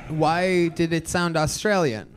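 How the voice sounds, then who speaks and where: A man's voice: a little high, smooth. A man hosting a live comedy show, teasing and questioning a guest on stage. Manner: teasing, quick interviewer. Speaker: host. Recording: live club recording with background noise.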